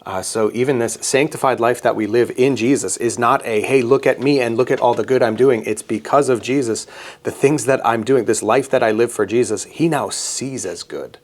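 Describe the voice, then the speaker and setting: A man's voice: mid-range voice, moderate pace. A man, a pastor co-hosting a church podcast, explaining scripture in easygoing conversation and often checking in with "right?". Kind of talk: casual conversational podcast chat.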